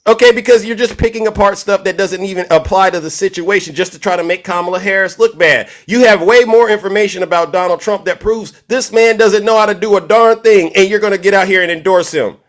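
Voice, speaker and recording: Middle-aged male debate host, high voice, combative, interrupts constantly. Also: a little fast, hardly any pauses. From California. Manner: combative, repeats the name to interrupt. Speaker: live-stream debate host. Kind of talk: heated political argument.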